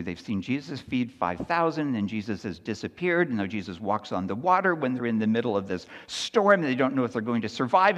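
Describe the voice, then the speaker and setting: A man's voice: mid-range voice, dull audio. Man preaching in a reverberant hall. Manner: conversational preaching, frequent "Right?" asides; swings from soft hushed lines to loud animated storytelling. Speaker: pastor. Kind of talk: sermon.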